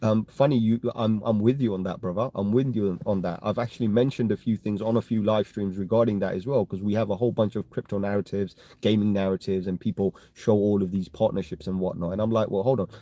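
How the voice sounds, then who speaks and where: Talking fast with hardly any pauses, this London-born crypto live-stream host answers viewer comments in a rambling, casual way, frequently adding "right?" and "you know what I mean." His London-accented voice is lowish and dark, with fairly even intonation.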